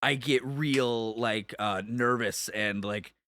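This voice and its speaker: A man's voice: medium pitch, slow, bright, forceful tone, no room sound. A man from Detroit co-hosting a podcast, chatty and full of fillers and swearing. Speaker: podcast co-host. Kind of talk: casual chat.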